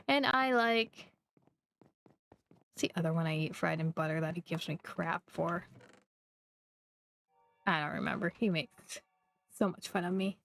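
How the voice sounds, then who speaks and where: A young woman from Missouri, chatting casually and rambling while she streams a game, quick to poke fun at herself. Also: mid-range voice, fairly bright tone. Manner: rambling, chatty, self-deprecating. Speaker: livestreamer. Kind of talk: casual live gameplay chat.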